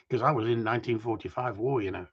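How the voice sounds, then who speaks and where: A man's voice: mid-range voice, brisk, slightly rough. A man chatting and joking on a livestream, rambling and swearing as he talks to viewers. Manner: rambling, swears, jokey banter. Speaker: livestream host. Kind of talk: casual chat to a live audience. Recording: dull lo-fi sound.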